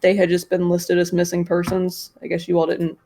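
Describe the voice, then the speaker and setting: A woman's voice: fairly low pitch, completely flat delivery, a little fast, mellow. A woman playing in a tabletop game, chatting casually and explaining her party's actions. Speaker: player.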